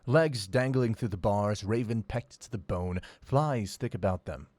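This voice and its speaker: A man's voice: lowish voice, unhurried, darkish tone, no room sound. A man reading a first-person audiobook with wry, sardonic storytelling. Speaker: audiobook narrator.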